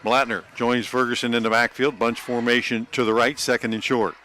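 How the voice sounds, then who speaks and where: A man calls a high school football game play by play, rattling off snaps, yardage and down and distance. His voice is bright and forward. A faint outdoor hum sits behind him. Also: flat delivery. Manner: rapid play calling, jokes like an auctioneer. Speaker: play-by-play announcer.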